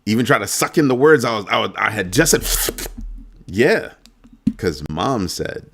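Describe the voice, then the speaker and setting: A man's voice: on the low side, expressive, measured pace, vocal fry, a bit bright, breathy edge. A middle-aged man hosting a finance channel, delivering a heated, sarcastic rant with strong emphasis. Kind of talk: ranting monologue.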